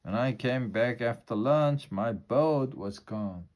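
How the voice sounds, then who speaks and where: A man's voice: medium pitch, slow, a little mellow, natural voice. A man voicing an earnest male bug who lost his leaf boat, in a storybook reading, with an insistent manner.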